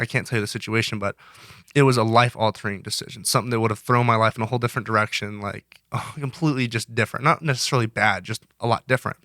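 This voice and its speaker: A man's voice: medium pitch, pushed and bright, no room sound, clean studio sound. A young man in his twenties, a guest in an interview, talking earnestly in casual chat, rambling with many restarts. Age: 20s. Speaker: guest, college wrestler.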